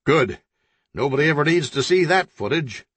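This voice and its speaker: A man voicing a self-important male TV newsman who talks down to his cameraman in a quick, condescending way. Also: on the high side, lively intonation, a bit bright, breathy edge, dry recording, pitched above the performer's own voice.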